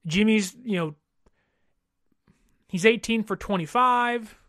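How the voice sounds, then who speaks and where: A woman in her thirties hosting a sports podcast, ranting in an exasperated, animated way with mocking mimicry. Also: mid-range voice, slow, no room sound, studio quality. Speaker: podcast host. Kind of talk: casual sports podcast rant.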